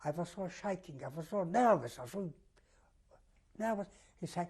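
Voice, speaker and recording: An older man giving an oral history testimony in halting, non-native English, often repeating himself as he retells events vividly. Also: high-pitched, expressive, a little mellow, slightly rough. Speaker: testimony giver.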